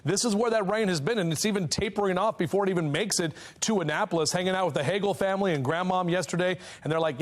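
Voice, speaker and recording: A man's voice: high-pitched, fast, few pauses. A man giving a live TV weather forecast in a studio, chatty and joking with co-anchors. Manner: chatty, jokey and upbeat. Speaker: TV meteorologist.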